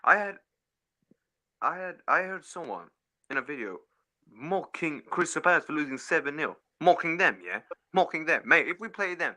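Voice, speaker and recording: Furious sweary fan, bright tense voice. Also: male voice, on the high side, animated, normal speed. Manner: furious, sweary, repeats "mate" and "yeah". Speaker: caller on a fan stream. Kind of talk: angry football fan rant.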